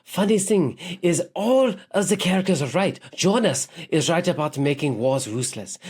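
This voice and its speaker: A man's voice: on the high side, slightly rough. A man co-hosting a show review, chatting in a jokey, rambling, loose way. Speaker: show co-host. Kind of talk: casual review chat.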